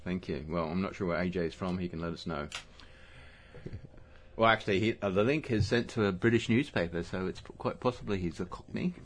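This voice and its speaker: Laughing, low-voiced male podcast co-host. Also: brisk. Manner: laughs often, rambling and self-correcting. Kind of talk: casual chat.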